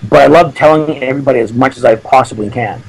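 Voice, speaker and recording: Brisk Canadian guy, cheeky and foul-mouthed, guest spot on a radio chat, middling pitch. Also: creaky, crowd noise, poor audio. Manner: brash, profane, joking. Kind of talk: casual chat.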